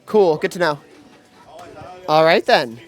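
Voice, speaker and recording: A man doing live play-by-play commentary at a gaming event, excitable and full of fillers and restarts. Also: fairly high pitch, slow pace. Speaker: esports commentator.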